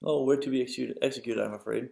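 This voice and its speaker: A man's voice: mid-range voice, steady tone, racing, gravelly, warm tone. A man voicing a small, polite male pterodactyl with a British accent, courteous and fussy, in a storybook read-aloud.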